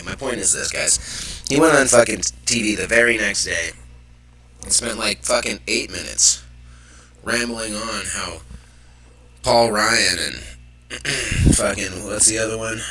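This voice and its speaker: A man's voice: fairly low pitch, sharp tone, low-quality recording. A man hosting a live show, ranting with profanity and irritation about the news. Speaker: host. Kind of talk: live political commentary.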